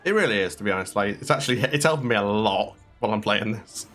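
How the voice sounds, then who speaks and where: A man's voice: lowish voice, expressive, quick pace, a bit bright, faint music behind. A man playing a speedrun live, chatting casually and laughing while thinking aloud mid-game. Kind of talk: casual chat while gaming.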